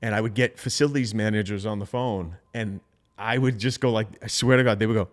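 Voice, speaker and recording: A man with a fairly low voice co-hosts a casual podcast roundtable. He speaks emphatically and breaks into acted-out sample phone pitches to make his points. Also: brisk. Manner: emphatic, acts out sample sales calls. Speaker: podcast co-host.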